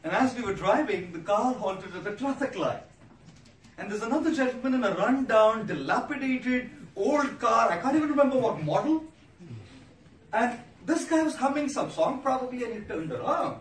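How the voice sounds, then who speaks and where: A man, a monk giving an inspirational public speech, telling stories and listing words with pauses for effect. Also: extremely high pitch, expressive. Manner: storytelling, rhetorical, lists words with pauses. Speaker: monk giving a motivational talk. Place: large hall before an audience. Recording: echoey hall, distant mic, noisy.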